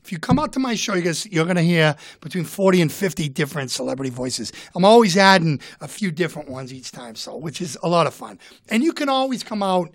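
A man's voice: fairly high pitch, very animated, fast, hardly any pauses, no room sound, clean studio sound. A man chatting playfully as a guest, joking between celebrity impressions. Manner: playful, jokey, breaks into celebrity voices. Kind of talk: casual chat with comic impressions.

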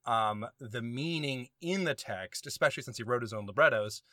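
A man from the South, a podcast co-host telling lively stories and laughing as he talks. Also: medium pitch, moderate pace, no echo, clean studio sound. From American South. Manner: lively storyteller, laughs while talking. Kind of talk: casual conversation about opera.

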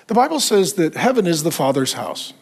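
Man, pastor, sermon, high voice, animated storytelling, quotes people in voices. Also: a little fast, gravelly, breathy edge.

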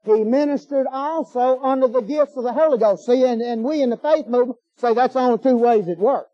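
A man's voice: very high voice, brisk, no room sound. A man preaching a sermon in a folksy, emphatic way, firing off rhetorical questions. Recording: dull lo-fi sermon recording.

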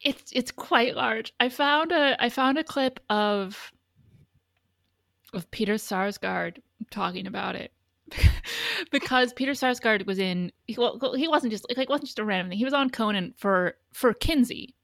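A woman co-hosting a podcast, talking in a loose, rambling way with lots of restarts and casual swearing. Her voice has a gravelly edge. The recording is dry and close. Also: on the high side, normal speed, a bit bright, dry recording. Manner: rambling, profane, frequent restarts. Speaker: podcast co-host. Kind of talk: casual chat.

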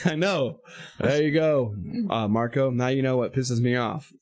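A man's mid-range voice comes through a dry recording as he tells a road-rage tale a little slowly on his podcast. The casual storytelling is animated and heavy on swearing, with him acting out the quoted back-and-forth.

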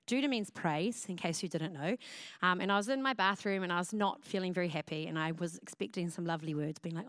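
A woman pastor, preaching loudly and expressively, acting out the things she tells herself. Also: fairly low pitch, quick pace, no room sound, clean studio sound. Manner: loud, expressive preaching with acted self-talk. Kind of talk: sermon.

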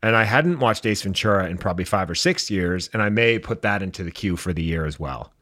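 A man with a lowish voice riffs sarcastically on movies in a loose podcast chat, cursing casually and poking fun at himself. His voice sits close and dry, with no room sound around it. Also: expressive, a little fast, bright, forceful tone, no echo. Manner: sarcastic, self-deprecating, swears casually. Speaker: podcast co-host. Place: home studio.

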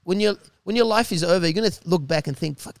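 A man with a somewhat high voice tells a rambling story in casual chat. He swears freely, restarts his sentences and breaks into laughter. The sound is dry and close. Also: fast talker, clear, resonant tone, no echo. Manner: animated, profane, laughing storyteller with many restarts. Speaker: guest telling stories.

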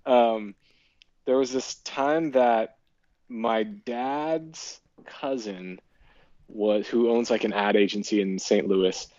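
A man from Iowa, a podcast guest, chatting and telling stories with animated quoted voices. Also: fairly low pitch, slow pace, no echo, dull audio. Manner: chatty storyteller, animated quoting. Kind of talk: casual podcast chat.

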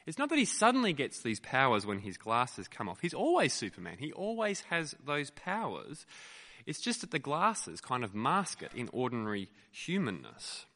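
A male pastor preaching a sermon, telling stories in an animated way with frequent fillers, in a lecture theatre used as a church. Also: mid-range voice, normal speed, long reverb tail. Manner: animated storytelling with many fillers.

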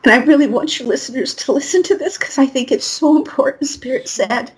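A woman's voice: high-pitched, brisk, few pauses, slight background noise, poor audio. A middle-aged woman guest telling a personal story in an interview, acting out the voices of the people in it. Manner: animated storyteller acting out quotes.

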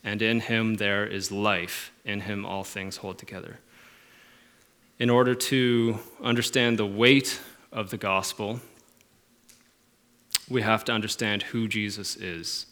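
A man preaching a sermon, earnest, moving from quiet reflective phrases to emphatic, stressed lines. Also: lowish voice, steady tone, slow pace, pauses often. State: emotional at moments. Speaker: pastor.

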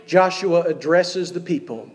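A man's voice: a little high, a little slow. A man preaching a sermon in a church, reading scripture aloud and putting questions to the congregation. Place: church sanctuary. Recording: long hall reverb.

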